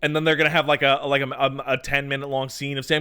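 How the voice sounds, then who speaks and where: A man's voice: medium pitch, fast, few pauses, clear, resonant tone. A young man co-hosting a casual gaming podcast, telling stories with mock-exasperated asides and plenty of swearing. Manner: animated storyteller, acts out mock-exasperated quotes, swears freely. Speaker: podcast co-host. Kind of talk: casual podcast chat about video games.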